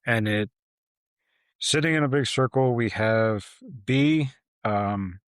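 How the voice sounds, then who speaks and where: Speaking slowly in a medium-pitched voice, a man co-hosts a podcast, casually recapping a movie's plot and performing the characters' lines. The recording is dry, with clean studio sound.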